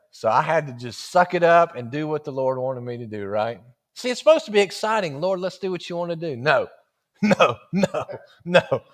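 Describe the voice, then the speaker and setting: Middle-aged man, casual sermon storyteller, animated, laughs a lot. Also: mid-range voice. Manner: animated, acts out quoted voices, laughs often. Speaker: church speaker telling a personal story.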